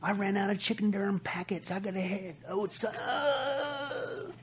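A man's voice: high-pitched, a little slow, pitched above the performer's own voice. A man voicing a lazy, dismissive churchgoer man who whines out excuses to get away. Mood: whiny.

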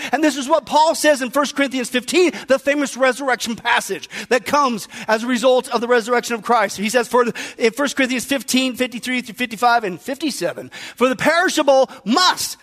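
A man preaching a sermon as pastor, lively and joking, often calling out to the congregation. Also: extremely high pitch, fairly quick, hardly any pauses. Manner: energetic preaching with jokes, frequent "listen" and "folks". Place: church.

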